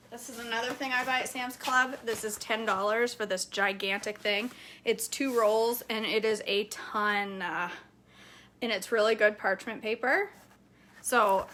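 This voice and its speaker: A talkative woman in her forties walks through her shopping haul in a casual, rambling way. Her voice is bright and a little high. She laughs easily and drifts into side stories. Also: slight background noise. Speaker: vlogger showing grocery haul. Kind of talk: casual chat.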